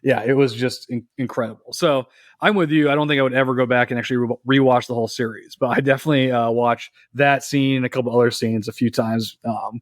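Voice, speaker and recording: A man co-hosting a podcast in casual chat, earnest and hesitant, with frequent pauses to find his words. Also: mid-range voice, fairly even intonation, no echo, studio quality. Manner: hesitant, many ums and uhs, earnest. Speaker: podcast co-host.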